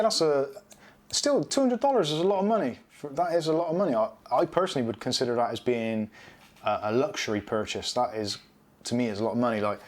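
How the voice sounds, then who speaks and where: A middle-aged British man hosting a casual live stream, rambling chattily and reading out viewer comments. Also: mid-range voice.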